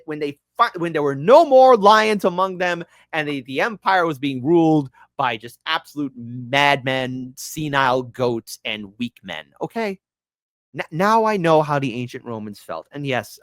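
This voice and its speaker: Sarcastic, animated political commentary man. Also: on the high side, no room sound. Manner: sarcastic and exasperated, stumbling restarts. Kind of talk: ranting news commentary.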